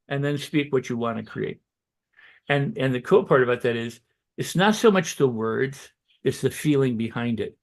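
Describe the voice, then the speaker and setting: A man giving motivational self-help advice as a guest, talking loosely and acting out excited self-talk in quick quoted asides. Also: mid-range voice, gravelly. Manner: loose and conversational, with restarts and "you know". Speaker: guest on a holistic health show.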